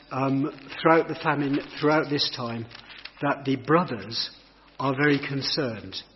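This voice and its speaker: A man's voice: mid-range voice, slight background noise. A man giving a sermon, reading scripture aloud and then reflecting on it in a thoughtful, explanatory way. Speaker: preacher. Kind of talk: sermon explaining a Bible passage. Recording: long hall reverb, dull lo-fi sound.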